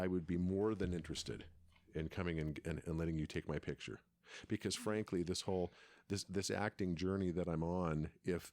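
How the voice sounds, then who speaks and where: Low-voiced rambling middle-aged man. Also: darkish tone, dry recording. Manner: rambling, repeats words and restarts often. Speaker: podcast co-host, father. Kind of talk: casual storytelling chat.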